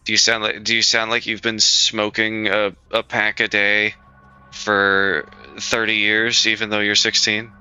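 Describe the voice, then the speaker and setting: A man's voice: lowish voice, monotone, measured pace, pushed and bright, clear, resonant tone. A man streaming live, talking casually to his chat in a blunt, profane way, repeating himself as he reassures viewers. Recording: dull lo-fi stream audio, faint music.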